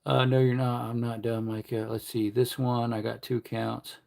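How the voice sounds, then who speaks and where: Male livestream host, mid-pitched, low-key mumbling banter with chat. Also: level tone, normal speed, vocal fry, a little mellow. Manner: mumbling, joking asides to chat. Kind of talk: casual livestream chat while reloading ammunition.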